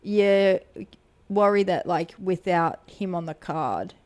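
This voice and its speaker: A woman's voice: lowish voice, takes it slowly, a little mellow. A woman, a fight promoter co-hosting a podcast, chatting casually in a rambling way, swearing freely and acting out quotes.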